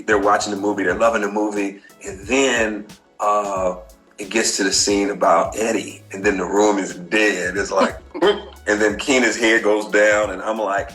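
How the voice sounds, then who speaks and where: A man's voice: lowish voice, rough recording. A middle-aged man, a filmmaker, telling stories in an interview and acting out the quotes. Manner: animated storyteller, acts out quotes. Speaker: filmmaker guest. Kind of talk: interview storytelling.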